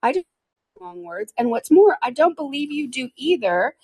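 A woman doing a high mocking eaglet. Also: sing-song, normal speed, darkish tone, breathy edge, no echo, heavily acted. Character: cheeky young eaglet, blunt.

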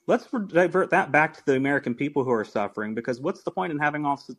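A man's voice: a little high, animated, rapid-fire, fairly bright tone. A man calling in to a podcast, talking in an earnest, rambling way. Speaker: caller. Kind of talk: call-in discussion.

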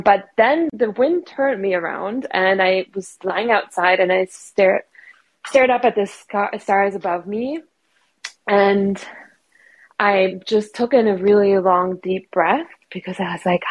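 A woman's voice: mid-range voice, unhurried, rough recording. A woman in her thirties, a podcast guest, telling a personal story in an earnest, reflective way.

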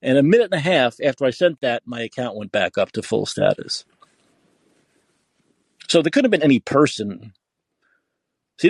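Angry, foul-mouthed male podcaster on a rant, husky, dry close sound. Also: mid-range voice, darkish tone, no room sound. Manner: angry, profane, repetitive ranting. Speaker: podcast host. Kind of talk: political rant.

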